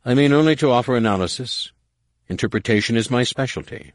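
Man doing a smooth sly alien courtier, ingratiating, raised pitch, dry close sound. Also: quick pace, dry recording, natural voice.

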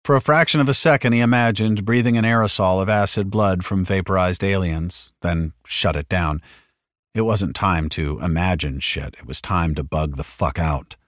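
A man reading an audiobook with dramatic narration, shouting the characters' lines at full force. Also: sits low, moderate pace, no echo, studio quality.

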